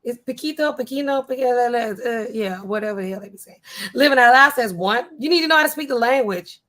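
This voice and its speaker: Chatty woman live-streaming, bit high. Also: brisk. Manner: chatty, animated, African American Vernacular English (AAVE) style phrasing. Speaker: live stream host reading chat. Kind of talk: casual live stream chat.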